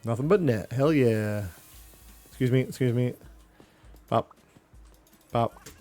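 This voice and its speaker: A man's voice: medium pitch, slow, warm tone, soft background music. A young man streaming a game live, chatting casually with his viewers and reacting as he plays. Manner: chatty, reacting and talking to chat while playing.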